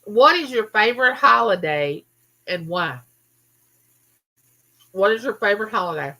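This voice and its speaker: A woman's voice: mid-range voice, unhurried. A woman hosting a casual live chat, chatting with viewers and reading out their comments. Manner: chatty, animated, talks straight to viewers. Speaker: livestream host.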